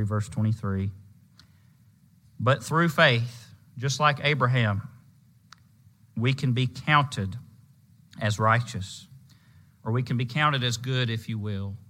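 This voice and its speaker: A man preaching a sermon, emphatic, slowing down and drawing out key words to stress a point. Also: on the low side, fairly bright tone.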